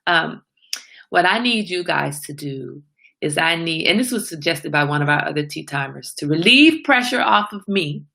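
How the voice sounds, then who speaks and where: A woman with a low-pitched, gravelly voice hosts a casual morning livestream. She chats loosely, greets viewers by name, and reads their comments aloud. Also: animated, normal speed, pushed and bright. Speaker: livestream host.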